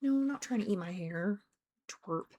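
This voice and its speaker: A woman's voice: medium pitch, expressive, fairly quick, dark tone, slight background noise. A young woman streaming a game, chatting playfully and talking to her pet. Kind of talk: casual gameplay commentary.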